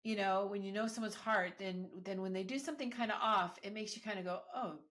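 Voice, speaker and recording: A woman's voice: mid-range voice, steady tone, fast, a bit bright. A woman hosting a relationship podcast, speaking in an agreeable, thoughtful way with rambling explanations. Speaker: podcast host. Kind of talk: conversational interview.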